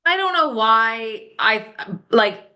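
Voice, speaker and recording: Woman, animated, acts out scenes, bright tone, casual film chat. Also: a little high, takes it slowly. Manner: animated, acts out characters in quotes. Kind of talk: casual movie review chat.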